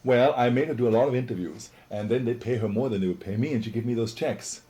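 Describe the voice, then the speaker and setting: A man's voice: mid-range voice, fast talker, mellow. A middle-aged man reminiscing in a casual interview, an exuberant, rambling storyteller.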